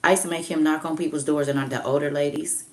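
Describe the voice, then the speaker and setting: A woman's voice: low voice, fairly even intonation, fast. A woman in her fifties hosting a casual livestream, reading out comments and preaching firm advice with emphatic repetition. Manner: emphatic, preachy, repeats "I'm trying to tell you".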